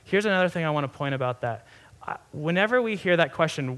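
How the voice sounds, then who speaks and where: A man's voice: a little high, animated, fast talker, a bit bright. A young adult man giving a sermon in a conversational, earnest way, often restarting phrases and saying "like". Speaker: pastor.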